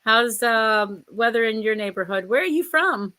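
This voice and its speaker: A woman hosts a casual interview with a bright, forward voice. She pitches a little high and keeps the talk chatty and upbeat. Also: expressive, normal speed. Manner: upbeat, chatty, laughs often. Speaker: host.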